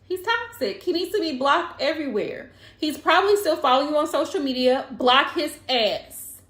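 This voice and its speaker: A high-pitched woman gives blunt, emphatic advice in a casual monologue, repeating her lines to drive them home. Her voice rings in an echoey room. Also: lively intonation, normal speed, fairly bright tone. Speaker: tarot reader.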